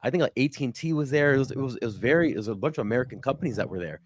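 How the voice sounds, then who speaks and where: A man of Cuban family hosting a casual political talk stream, blunt and quick, with frequent restarts. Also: mid-range voice, expressive, a little hiss or hum. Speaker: host.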